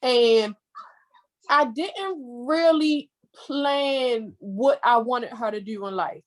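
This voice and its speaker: A woman in her thirties, a mother being interviewed, telling her story in an emotional, expressive way with quoted asides. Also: fairly high pitch, takes it slowly, rough recording. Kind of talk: casual conversational interview.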